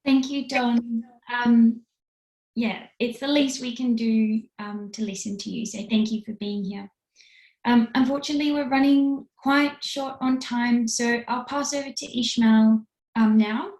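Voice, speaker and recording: A woman's voice: fairly high pitch, fairly even intonation, a little slow, darkish tone. A woman hosting an online panel, apologetic and hesitant with many ums as she hands over to the next speaker. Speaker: event host. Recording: echoey room.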